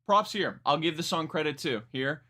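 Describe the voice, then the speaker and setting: A young man with a bright, forward voice gives a live song reaction in casual chat. He rambles, restarts his sentences and swears freely as he picks apart the lyrics. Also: fairly high pitch, expressive, moderate pace, soft background music. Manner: rambling, self-correcting, frank and profane. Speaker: music reaction streamer.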